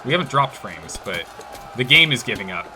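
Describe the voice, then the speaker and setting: Animated playful male game streamer. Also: medium pitch, a little fast, noisy background. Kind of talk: live gameplay commentary.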